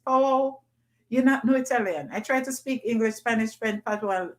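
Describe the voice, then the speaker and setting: A woman's voice: on the high side, moderate pace. Woman, livestream host, loose chatty delivery, reads chat aloud. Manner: chatty, reads comments aloud, playful patois bits. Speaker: livestream host reading viewer comments.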